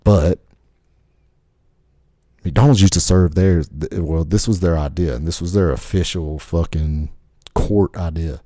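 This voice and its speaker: Low-voiced man ranting crudely. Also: mellow, no room sound, clean studio sound. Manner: rambling, crude, swears constantly. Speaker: podcast host. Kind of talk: casual profane rant.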